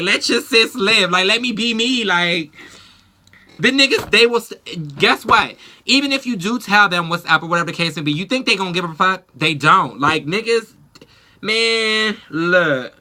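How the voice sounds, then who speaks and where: Blunt, sharp-voiced woman ranting. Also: mid-range voice, expressive, normal speed. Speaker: beauty vlogger. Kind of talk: casual get-ready-with-me chat.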